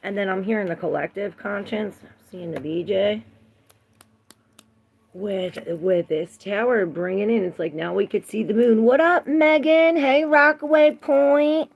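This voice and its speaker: A woman tarot reader chats casually on a livestream, drifting between thoughts and greeting viewers by name. Her gravelly voice sits mid-range at a measured pace, and the recording is muffled.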